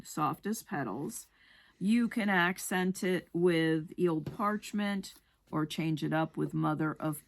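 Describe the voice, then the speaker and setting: Slow, low-voiced woman teaching a craft. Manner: unhurried, practical step-by-step explaining. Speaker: rug hooking instructor. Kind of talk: craft tutorial demonstration.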